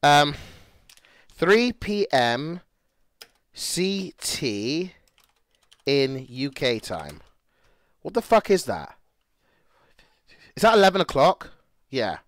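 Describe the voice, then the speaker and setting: A young man livestreaming, excitable and swearing as he talks to his chat. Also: a little high, extremely slow, long pauses, no echo. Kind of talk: casual livestream chat to viewers.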